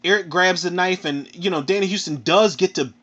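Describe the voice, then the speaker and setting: A man with a Philadelphia accent rants through a film review in a loose, profane, animated way, ending his sentences with "man." His voice sits a little high for a man. The recording sounds dull and lo-fi. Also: brisk. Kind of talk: casual film review rant.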